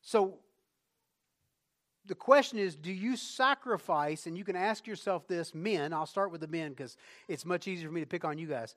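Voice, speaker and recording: A man preaching to his congregation in a high, bright voice. He talks conversationally, then swells into emphatic, rising lines. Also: moderate pace. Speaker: pastor. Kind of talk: sermon.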